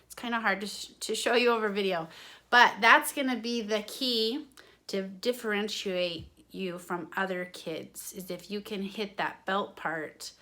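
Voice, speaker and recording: A woman's voice: mid-range voice, unhurried, bright, forceful tone. A woman drama teacher giving an online singing lesson, explaining each point to her students and then singing examples.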